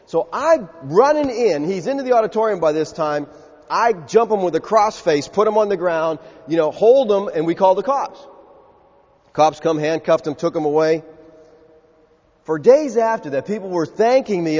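A pastor preaching a sermon, telling stories with animation and acting out the voices of the people in them. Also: male voice, high-pitched, normal speed. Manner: animated storytelling, acts out quoted voices. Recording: dull lo-fi sound with long hall reverb.

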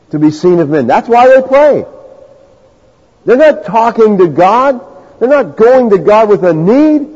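Husky high-voiced preacher in a hall. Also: male voice, a little mellow. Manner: conversational preaching, acts out the people he quotes. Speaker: pastor. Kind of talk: sermon. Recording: lo-fi recording with long reverb in a hall.

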